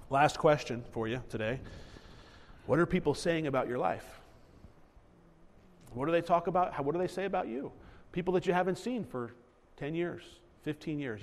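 A man preaches a sermon as pastor, his voice sitting a little high for a man. He is earnest and keeps circling back on his words as he builds each point. The hall around him carries a long, echoing reverb.

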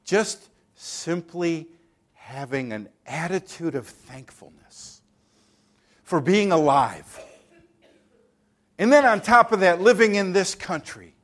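A male preacher delivering a sermon, his voice sitting a little above the usual male pitch. He presses hard with rhetorical questions and mocks careless attitudes in quoted voices. His talk is emphatic and direct. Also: expressive, slow pace, pauses often, a bit bright.

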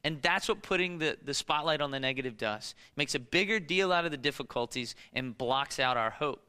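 A man's voice: a little high, a little fast, pushed and bright, clean tone, in a large hall. A man preaching a sermon as pastor, emphatic and asking the congregation rhetorical questions. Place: church.

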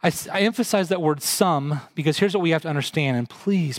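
A man's voice: on the high side, brisk, no echo. A man preaching a sermon, earnest, putting direct questions to his congregation. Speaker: pastor.

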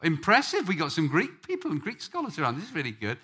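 A man's voice: a little high, huge pitch swings, fast talker, pushed and bright, breathy edge. A man from England preaching a sermon, joking with the congregation before telling a story. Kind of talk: sermon with audience banter.

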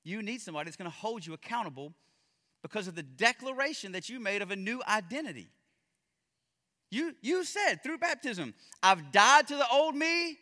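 A man preaching a sermon as pastor, impassioned, swinging between loud emphasis and hushed, drawn-out lines. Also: high-pitched, very animated, in a large hall.

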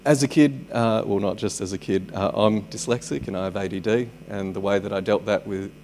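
A man's voice: lowish voice, steady tone, a little fast, a little mellow, slight background noise. A man preaching a sermon at a church service, conversational and dropping joking asides. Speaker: pastor.

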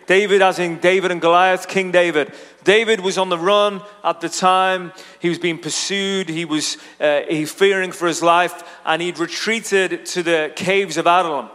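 A man's voice: high voice, fairly bright tone. A man preaching a sermon, telling a story in a casual, chatty way with frequent asides to the congregation. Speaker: pastor. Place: church auditorium. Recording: long reverb of a large hall.

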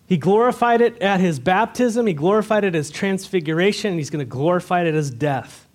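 Male pastor, sermon, earnest, rhetorical questions, slightly high pitch. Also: animated, brisk.

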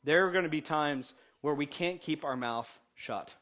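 A man preaching a sermon to his congregation in church, energetic, swinging between loud and soft, with jokes along the way. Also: fairly high pitch, normal speed. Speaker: pastor. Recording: dull lo-fi recording.

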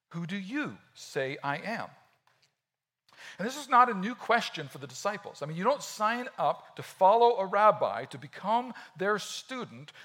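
A man preaching a sermon in a conversational, animated way, often acting out quotes. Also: fairly high pitch. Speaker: pastor.

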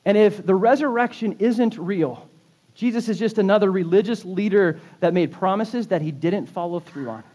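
A man delivers a sermon in a church, his fairly high voice full of fervor. He presses his points with swelling emphasis, then drops low for the quieter lines. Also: normal speed. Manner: impassioned preaching, rising and falling emphasis. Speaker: pastor. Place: church sanctuary.

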